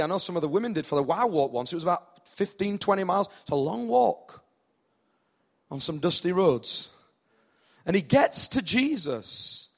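Northern english guy preaching, pretty high voice, gets loud and acts out the story. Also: vocal fry, breathy edge. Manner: animated, acts out dialogue with rising intensity. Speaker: pastor. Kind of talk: sermon.

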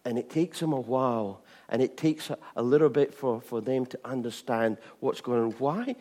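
Guy preaching casual-like, keeps saying you know what i mean, goes big then drops real quiet. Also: normal speed. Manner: lively pitch swings, dropping to hushed tones for emphasis. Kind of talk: informal sermon.

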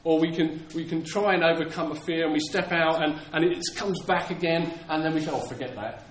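Earnest preacher in an echoey room. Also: male voice, a little high, flat delivery, fairly quick, a little hiss or hum. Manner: earnest, repeats words, acts out quoted lines. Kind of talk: sermon. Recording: echoey room with faint ambience.

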